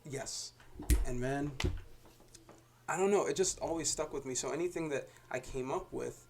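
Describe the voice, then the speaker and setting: A young man talks as a guest on a casual podcast, relaxed and storytelling. His voice has a gravelly fry running through it. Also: fairly high pitch, moderate pace. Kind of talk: casual interview.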